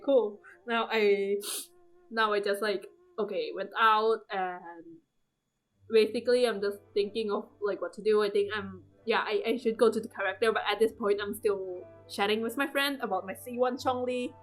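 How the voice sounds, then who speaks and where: A young woman rambling through casual gameplay commentary, excitable and laughing often. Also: medium pitch. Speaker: gaming youtuber. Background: game music.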